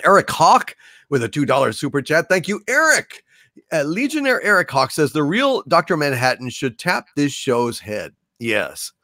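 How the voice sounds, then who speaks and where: A man co-hosting a casual livestream, reading out viewer super chats with lively, swearing banter. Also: fairly high pitch, normal speed, no echo, clean studio sound. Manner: animated, swearing, laughs often.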